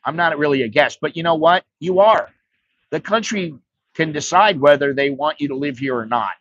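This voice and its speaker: Blunt American man, slightly higher voice. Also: moderate pace, fairly bright tone, dull audio. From United States. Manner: blunt, profane, rambling. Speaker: vlogger. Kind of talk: casual livestream advice.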